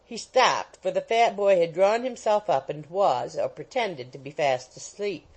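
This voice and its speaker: A woman's voice: on the low side, expressive, a little slow, darkish tone, low-quality recording. Woman reading a classic novel aloud. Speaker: audiobook narrator. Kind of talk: scripted narration of a classic novel.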